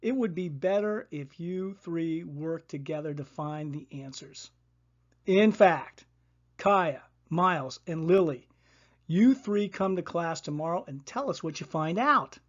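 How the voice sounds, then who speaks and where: Eager encouraging schoolteacher woman, read by a storyteller, slow unhurried delivery, muffled lo-fi sound. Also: on the low side, expressive. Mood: enthusiastic. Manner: enthusiastic, encouraging. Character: cheerful female schoolteacher.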